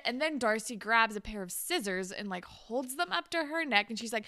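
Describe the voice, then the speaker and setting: On a podcast, a young co-host chats about a TV episode, acting out what the characters said and laughing often in an animated way. She speaks at a normal pace in a fairly high, clean voice, with studio-quality sound and no room noise.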